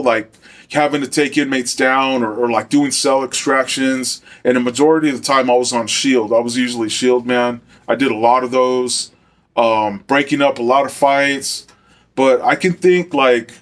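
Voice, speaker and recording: Rambling middle-aged man telling a story. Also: mid-range voice. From Arizona. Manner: loose and rambling, heavy on fillers. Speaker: former corrections officer storyteller. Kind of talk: casual first-person storytelling.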